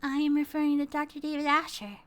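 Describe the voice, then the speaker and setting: A woman's voice: high-pitched, monotone, fast talker, a bit bright, a little hiss or hum, voice pushed up. A woman voicing a small, polite robot creature with a precise, formal way of speaking.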